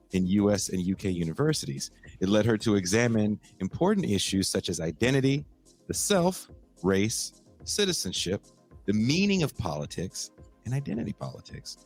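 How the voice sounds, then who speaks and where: A man hosting a casual podcast, introducing his guest with a jokey, animated delivery. His voice sits low but swings widely in pitch. Faint music plays underneath. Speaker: podcast host.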